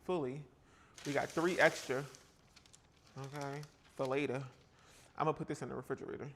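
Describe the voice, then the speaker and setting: Baking live in his home kitchen, a South Carolina man banters with his viewers, reacting to the chat with sassy, playful exclamations. He has a mid-range, steady, somewhat bright voice and a moderate pace with frequent pauses. There's a little hiss or hum in the audio.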